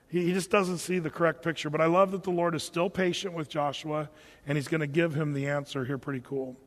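A man teaching through a Bible chapter as a pastor, conversational and animated, acting out the quotes. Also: high-pitched. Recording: long hall reverb.

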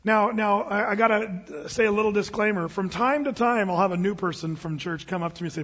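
A man's voice: sits high, a little fast, few pauses, a bit bright, slightly rough, long reverb tail, muffled recording. A man from the United States preaching a sermon as a pastor, conversational and emphatic. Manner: conversational, emphatic, with quoted asides. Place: church sanctuary.

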